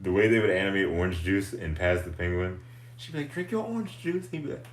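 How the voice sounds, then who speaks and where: A man hosting a livestream in casual chat, goofy and animated, laughing often. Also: sits low, fast talker, echoey room. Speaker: livestream host.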